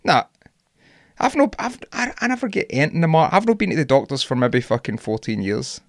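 A man's voice: a little high, big pitch swings, brisk, no room sound, studio quality. A young Scottish man co-hosting a podcast, ranting animatedly in casual sweary chat. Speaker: podcast co-host.

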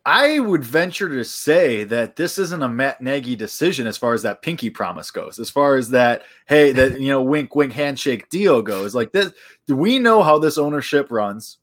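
A man's voice: mid-range voice, very animated, normal speed. A man co-hosting a sports podcast, talking casually with sarcastic asides.

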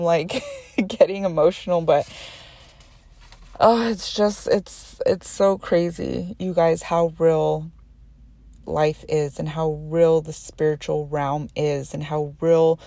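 A woman speaks in a low, unhurried voice on her own podcast. Her talk is earnest and full of feeling, with frequent restarts and fillers. The sound is dry and close. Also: dark tone, no echo. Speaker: podcast host. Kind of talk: personal faith podcast monologue.

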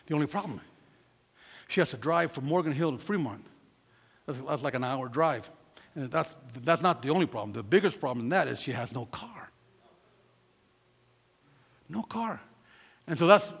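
A gravelly, slightly high-voiced middle-aged man preaches from the pulpit, telling a story and voicing every person in it. He swings from booming peaks down to near-hushed asides. His voice rings with a long hall reverb. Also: animated, a little fast, pauses often. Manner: storytelling, acts out quotes, swings from loud to hushed. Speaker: pastor.

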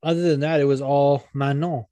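Profane, excitable podcast co-host man. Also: on the high side, fairly quick, no room sound. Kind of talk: casual chat.

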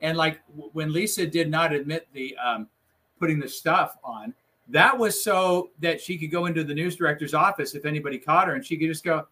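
A former TV news producer swaps funny stories from his newscast days in a casual chat. His voice is a little high and a little fast, and he tells his tales with animation and plenty of laughter.

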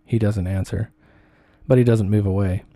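A man reading a second-person essay aloud in a measured, deliberate way. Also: lowish voice, fairly even intonation, mellow, no room sound, clean studio sound.

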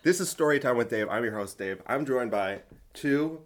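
A man's voice: medium pitch, animated, moderate pace. A man hosts a casual podcast with friends. He jokes a lot and argues back on purpose to stir things up, in a loose conversational tone. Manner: joking, playfully contrarian. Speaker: podcast host. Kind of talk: casual chat.

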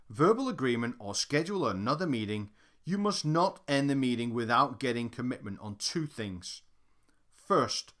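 A man's voice: mid-range voice, fairly bright tone. A man reading his own sales book aloud as instructional narration, emphatic and direct like a coach.

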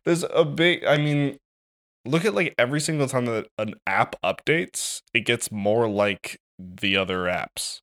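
A man's voice: mid-range voice, a little slow, fairly bright tone. A man co-hosting a podcast in casual chat, joking loosely and swearing often. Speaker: podcast co-host.

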